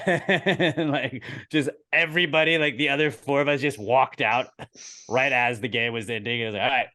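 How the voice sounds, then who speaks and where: A man's voice: medium pitch, fairly even intonation, moderate pace, sharp tone. A man co-hosting a podcast, telling a long story in casual chat, rambling with restarts and swearing as he acts out what others said. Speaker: podcast co-host.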